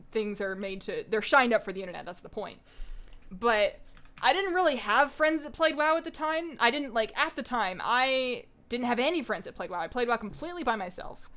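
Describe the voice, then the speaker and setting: Young woman streamer just chatting, kinda high voice, rambly and self-deprecating. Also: a bit bright. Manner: rambling, self-deprecating, reads chat aloud. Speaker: gaming streamer. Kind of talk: casual live-stream chat.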